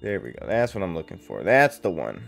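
A man's voice: low voice, wildly swooping pitch, a little fast, creaky, fairly bright tone. Foul-mouthed man rambling over gameplay. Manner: profane, rambling, lots of fillers. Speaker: game streamer. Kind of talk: casual gameplay commentary. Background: faint game music.

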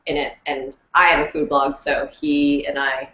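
A woman talking casually in an interview, chatty and animated, laughing often and full of fillers. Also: low-pitched, normal speed. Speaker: interview guest, audiobook narrator and actress. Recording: roomy, dull lo-fi sound.

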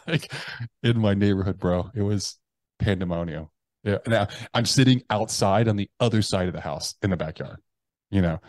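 A man's voice: low-pitched, normal speed, a little mellow, no room sound. A man, an army veteran, telling a personal story in an interview, talking casually with lots of swearing and "like". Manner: casual and profane, heavy use of "like" and "bro".

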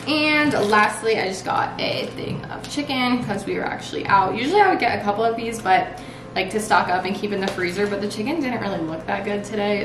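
A young woman with a mid-range voice chats casually to her viewers at home as a lifestyle vlogger. She sounds relaxed and leans heavily on "like" as a filler, with steady background noise in the recording.

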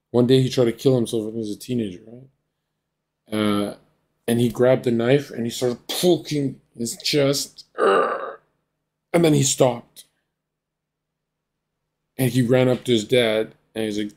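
A man's voice: mid-range voice, steady tone, moderate pace, darkish tone. A young man from Canada hosting a casual reaction stream, telling stories in a loose, profane way.

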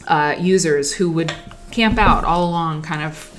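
A woman with a low voice speaks at a measured pace over soft background music. She's hosting a livestream from home while sewing, telling casual stories that wander reflectively and tend to trail off.

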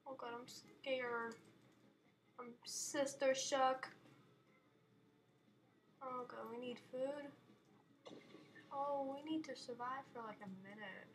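Woman gaming host, higher voice, unhurried, chatty and giggly, playfully dramatic. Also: fairly even intonation, a little hiss or hum. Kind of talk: casual let's-play commentary. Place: her bedroom.

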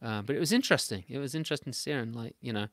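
A man's voice: mid-range voice, rapid-fire, fairly bright tone, dry recording, studio quality. A man from England, hosting a casual interview over a remote call, chatty and laughing often as he tells stories. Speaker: podcast host. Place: home, remote video call.

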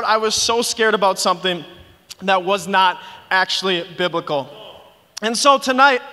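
Very high-voiced, bright youth pastor. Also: male voice. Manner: animated storytelling, filler "like" and "you guys". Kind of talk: youth sermon. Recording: long reverb of a big hall.

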